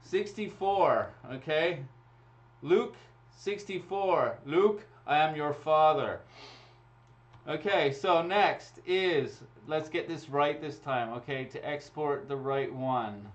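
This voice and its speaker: A man's voice: a little high, slow. A man hosting a live raffle draw, chatting casually and laughing as he runs the draws into a computer mic. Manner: chatty and laughing, talking through each draw. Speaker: raffle host. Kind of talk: casual livestream chat. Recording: dull lo-fi stream audio.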